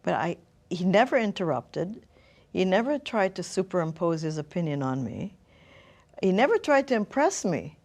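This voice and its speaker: A woman's voice: lowish voice, sing-song, normal speed, a little mellow. A middle-aged woman telling her personal story as an interview guest, thoughtful and searching for words.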